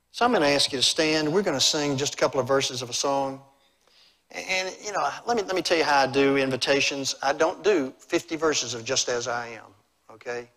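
A middle-aged man preaching a revival sermon in a church, swinging from loud exclamations to hushed appeals. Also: mid-range voice, brisk. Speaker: evangelist preacher. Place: church sanctuary.

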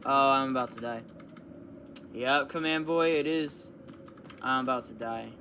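A man doing panicky, excitable commentary as he plays a horror video game. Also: mid-range voice, a little slow, slight background noise. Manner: excitable, panicky outbursts and yelling. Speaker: gaming YouTuber. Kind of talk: let's play reaction commentary.

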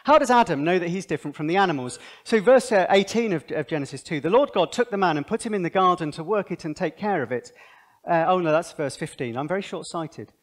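A man giving a conversational Bible seminar talk, animated and thinking aloud with asides. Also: high voice, fast talker. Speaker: seminar speaker.

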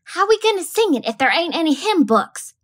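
A woman's voice: very high voice, steady tone, moderate pace, darkish tone, pitched above the performer's own voice. A woman reading aloud, voicing an outspoken young girl who blurts out eager questions. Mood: puzzled.

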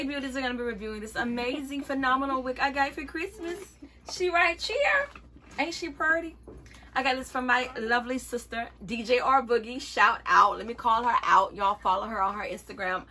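A young woman chatting playfully to her viewers as she reviews a wig, exuberant and quick to laugh. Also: high voice, bright, forceful tone, a little hiss or hum. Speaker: beauty vlogger reviewing a wig. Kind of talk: casual chatty vlog.

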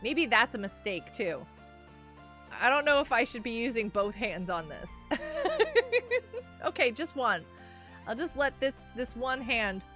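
Bright, high-voiced chatty woman. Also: expressive, a little slow, pauses often, faint music behind. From United States. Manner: chatty and rambling, laughing often, with sudden squeals. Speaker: streamer. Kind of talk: casual live-stream chat while gaming. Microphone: microphone.

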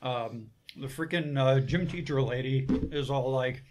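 A man co-hosting a movie podcast, chiming in with wry jokes and quick quips. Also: mid-range voice, a little mellow, slight background noise, rough recording. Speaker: podcast co-host. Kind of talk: casual movie podcast chat.

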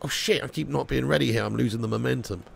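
A man live-streaming a football video game, chatting casually with viewers, reading out their messages, swearing and bursting into excited cheers. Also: mid-range voice, quick pace, creaky, slight background noise. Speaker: gaming streamer.

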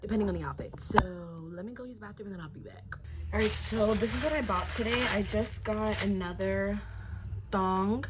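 Heavy background noise surrounds a young woman's brisk, medium-pitched voice as she vlogs casually to camera. Moving between home and a club dressing room, she talks straight to her audience and sometimes drops to a whisper.

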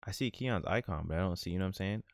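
A man's voice: deep voice, rapid-fire, no room sound. A man hosting a gaming channel, giving casual, laid-back, slang-heavy commentary while he plays.

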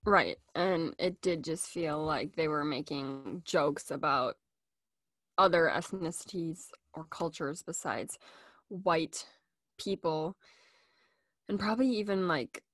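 A young woman co-hosting a podcast, talking in a thoughtful, measured way with some hesitation. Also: low-pitched, a bit bright, no room sound. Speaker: podcast co-host. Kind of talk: casual film review chat.

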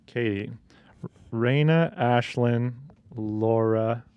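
A man's voice: medium pitch, slow pace, clean tone, dry recording, highs cut off. A man co-hosting a comedy podcast, speaking sheepishly and hesitantly and often laughing. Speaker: podcast co-host.

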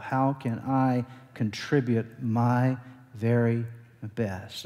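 Long hall reverb fills a church sanctuary as a man with a mid-range, darkish voice preaches. This pastor questions the congregation and answers each question himself.

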